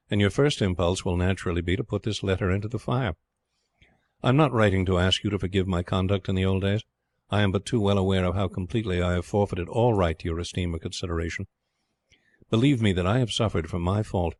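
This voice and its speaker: A man voicing a remorseful, ailing gentleman's letter in a formal, measured, sincere way, with a dry close sound. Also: low voice, dry recording, natural voice.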